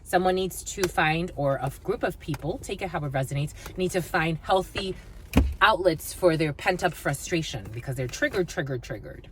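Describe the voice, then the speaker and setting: Woman, low voice, tarot reader, blunt and swearing, faint noise behind. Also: lively intonation, moderate pace. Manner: blunt, profane and scolding. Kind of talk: spiritual reading monologue.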